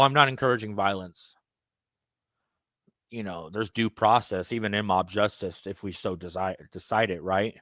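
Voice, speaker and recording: A man's voice: medium pitch, no room sound. Profane rambling man, dry close sound. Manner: profane, rambling, conspiratorial, swings between loud and muttered. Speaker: self-styled candidate addressing viewers. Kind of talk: ranting monologue.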